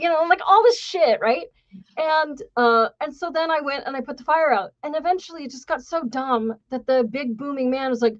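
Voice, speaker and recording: A woman's voice: high voice, normal speed, lo-fi sound. A woman hosting a podcast, telling a story in a blunt, sarcastic and profane way. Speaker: podcast host. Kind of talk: casual storytelling.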